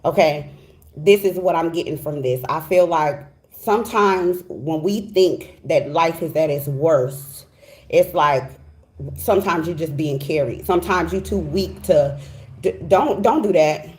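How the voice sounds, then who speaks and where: A middle-aged woman gives a casual, heartfelt tarot reading in a low, unhurried voice with a darkish tone. She is emphatic and chatty, often asking "okay?" and repeating "you know what I'm saying."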